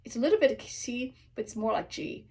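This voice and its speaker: A woman and native English speaker teaching how she practices an aria, who breaks into slow sung Italian phrases and asks "okay?" again and again. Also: fairly high pitch, animated, creaky, a little mellow, slightly rough. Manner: repeats sung Italian phrases slowly, checks in with "okay?" constantly. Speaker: singer teaching her practice method. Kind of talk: casual vocal tutorial.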